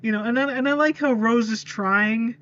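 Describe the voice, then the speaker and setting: A woman's voice: on the high side, moderate pace, a bit bright, dull audio. A woman chatting as a podcast guest, hesitant, with many fillers and small giggles. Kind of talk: casual chat.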